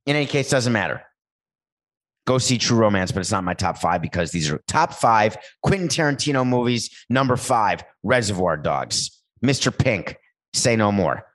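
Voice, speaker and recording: A man hosting a talk show, riffing playfully and rambling, with sudden jumps in pitch. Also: very animated, normal speed, fairly bright tone. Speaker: show host. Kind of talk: comedic talk-show monologue with ad read.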